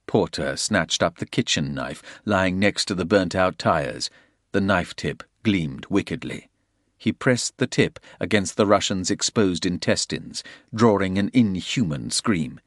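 A man's voice: deep voice, animated, measured pace, fairly bright tone, dry recording, studio quality. A man reading a violent thriller aloud in a dramatic storytelling voice. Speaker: audiobook narrator. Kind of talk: scripted thriller narration.

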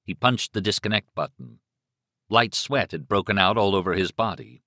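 A man narrating a novel as an audiobook in an expressive, dramatic reading style. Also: low-pitched, moderate pace, no room sound, clean studio sound. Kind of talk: scripted narration.

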